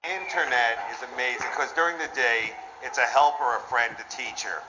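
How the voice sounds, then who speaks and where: A man doing a crude stand-up comedy set in a club, with a brash, lively delivery. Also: mid-range voice, normal speed, lo-fi sound, noisy background. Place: comedy club with a laughing audience.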